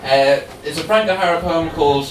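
Man, open mic host, slightly high voice, reads poetry slowly, echoey room, far from mic. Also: over music. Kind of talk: poetry reading and introduction.

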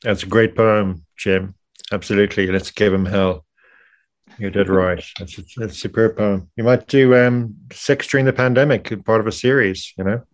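A man hosting an online poetry reading, introducing each reader and praising them in an effusive, unhurried way. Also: fairly low pitch, steady tone.

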